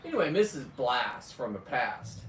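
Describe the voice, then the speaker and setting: A man in his fifties talking casually on a live stream, rambling with loud outbursts and frequent swearing. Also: mid-range voice, very animated, moderate pace, slight background noise. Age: 50s. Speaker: livestreamer reading viewer comments. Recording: echoey, distant from the mic.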